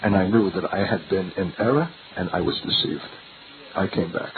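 Through a tinny, lo-fi recording with faint hiss, an older man's low voice delivers a sermon at normal speed. He sounds earnest and searching, piling up rhetorical questions.

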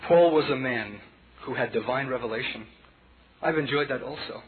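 A man with a Brooklyn accent preaching a sermon, telling a story dramatically and dropping from loud to hushed as he addresses the congregation as children. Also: mid-range voice, moderate pace. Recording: tinny phone-like sound with audience.

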